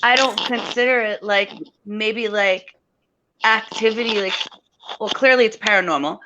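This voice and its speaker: A woman's voice: mid-range voice, normal speed, muffled recording, background noise. A woman in casual chat, thinking aloud hesitantly with many fillers.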